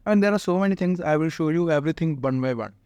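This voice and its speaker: A man talks viewers through a website as a tech tutorial host, explaining each click step by step with frequent "uh" fillers. His voice sits a little high. The recording is dry and close, with no room sound. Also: quick pace, darkish tone, smooth, no echo, highs cut off. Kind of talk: casual screen-recorded software walkthrough.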